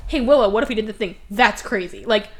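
A woman's voice: medium pitch, quick pace. A woman hosting a podcast, animatedly recapping a movie's plot in casual chat, acting out the characters' lines and swearing freely. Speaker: podcast host.

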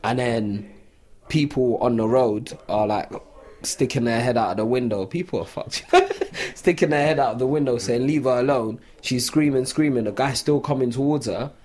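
Young podcast host, husky, animated storyteller, mid-pitched. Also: male voice, moderate pace. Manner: animated storytelling full of "like" fillers. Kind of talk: casual chat.

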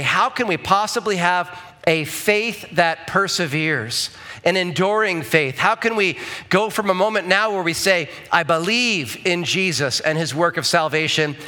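A man's voice: high voice, sharp tone. A male pastor preaching a conversational sermon in church, often checking in with the congregation with asides.

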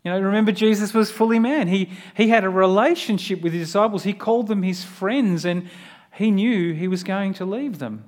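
A preacher with a notably high voice gives a sermon at a moderate pace, keeping it earnest and conversational rather than grand. He repeatedly draws the listener in with direct questions.

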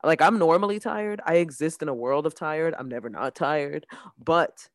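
A woman hosts her podcast in a low voice, swapping playful, teasing banter with her co-host. The sound is dry and close to the mic. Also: normal speed, dry recording. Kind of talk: casual chat.

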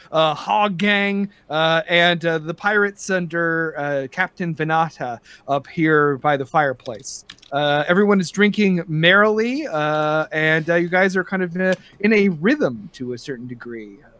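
A man's voice: on the high side, pushed and bright. A man from New Zealand narrating a tabletop game as game master, rambling with many fillers.

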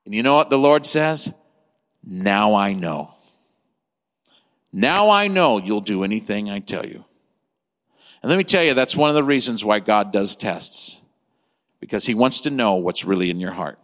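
A man in his fifties preaching a sermon as pastor, impassioned, swinging between loud and hushed delivery. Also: medium pitch. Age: 50s. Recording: long hall reverb.

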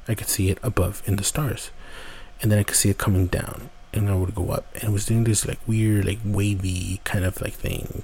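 A man's voice: on the low side, fairly even intonation, a little fast, creaky, a little mellow, slight background noise. A man casually telling a personal story as a podcast host, rambling and swearing often.

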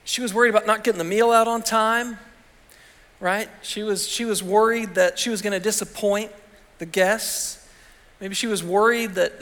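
Man, pastor, high voice, conversational sermon, rhetorical questions, long church reverb. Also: a bit bright. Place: church sanctuary.

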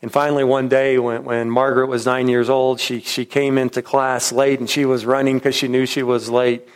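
A man's voice: mid-range voice, flat delivery, moderate pace, clear, resonant tone. A man preaching a sermon, telling a story in a reflective way with frequent restarts. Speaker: pastor.

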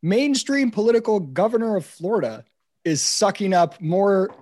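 A man speaking as a podcast guest, animated and sarcastic, cursing as he vents. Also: high voice, normal speed. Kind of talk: casual political podcast chat.

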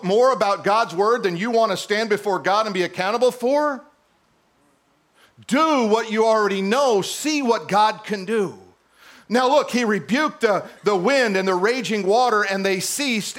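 A middle-aged male pastor preaching a sermon in a church, animated and teasing his congregation. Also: high-pitched, unhurried.

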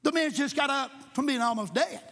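A man preaching a sermon. He is impassioned, jokes at times and rises to shouts in a church. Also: very high voice, fairly quick. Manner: impassioned, shouting at peaks, joking asides. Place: church sanctuary with congregation. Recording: echoey church hall.

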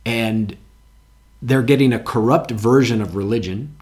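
A male pastor delivering a sermon to his congregation in a church. His voice sits in a middle pitch, and his manner is earnest and conversational. He often doubles words as he searches for the phrase, then punches out the old-style scripture verses with emphasis. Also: a little slow, darkish tone.

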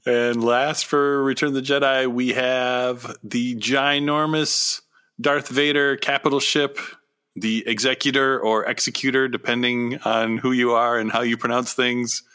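A man's voice: medium pitch, level tone, a little slow, sharp tone, clean tone. A man co-hosting a casual podcast chat, joking and enthusiastic as he banters with his co-host.

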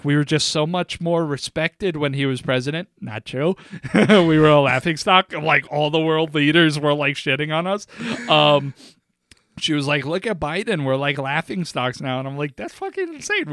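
A man's voice: on the high side, a bit bright, clear, resonant tone, no echo, clean studio sound. A young man co-hosting a podcast, telling rambling stories and laughing often. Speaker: podcast co-host. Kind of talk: casual chat.

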